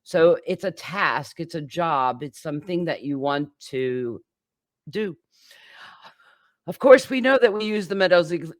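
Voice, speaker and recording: A man's voice: a little high, no echo, studio quality. A man teaching an English grammar lesson, patiently explaining with many examples and occasional fillers.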